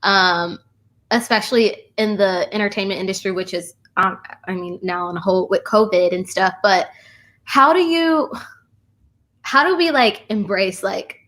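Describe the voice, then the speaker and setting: Woman host, bright forceful voice, eager and chatty, casual talk. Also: mid-range voice, normal speed. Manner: eager, chatty questioning with many fillers. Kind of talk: casual conversation.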